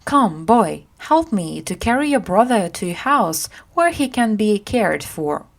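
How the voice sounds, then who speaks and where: A woman voicing a grown man on the road in a storybook reading, slow and earnest. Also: mid-range voice, very animated. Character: kind traveling man who turns stern.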